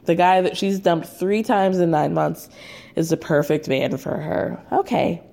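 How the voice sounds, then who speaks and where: A woman's voice: fairly low pitch, a little slow, vocal fry, dark tone. A young woman casually recapping a show, chatty and sarcastic, full of "like" and "um". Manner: chatty and sarcastic, with many fillers.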